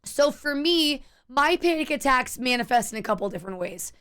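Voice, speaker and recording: A young adult woman chatting on a game stream, candid and rambling, often restarting her sentences and cursing casually. Her voice sits a bit high and comes across smooth and clear. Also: animated, normal speed, a bit bright. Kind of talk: casual chat while gaming.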